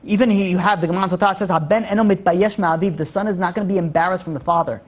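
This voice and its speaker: Fast-talking rabbi giving a lively class. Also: male voice, sits high. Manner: animated, rhetorical questions, joking asides. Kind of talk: Torah class lecture.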